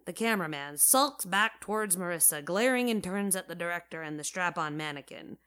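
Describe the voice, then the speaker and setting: A young woman narrating first-person audio fiction in a wry, casual, deadpan way. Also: lowish voice, normal speed.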